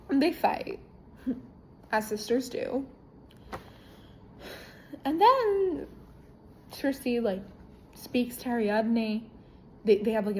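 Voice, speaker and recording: A woman casually reviewing a book, retelling the plot in an irreverent, profane, animated way. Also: mid-range voice, a little hiss or hum, low-quality recording.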